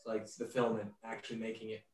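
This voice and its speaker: A man's voice: fairly low pitch, completely flat delivery, quick pace, recorded from a distance. Laughing man host in a roomy space. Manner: laughs often, joking. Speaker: podcast host. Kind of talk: casual podcast chat.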